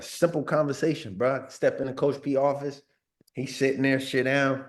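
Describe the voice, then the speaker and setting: Man in his 30s telling a story in an interview, easygoing slang, lots of "like" and "bro", mid-pitched voice. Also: normal speed. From Northern California. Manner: laid-back slang, frequent "like" and "bro", repeats words. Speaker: former pro football player, guest. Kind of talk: casual storytelling in a sit-down interview.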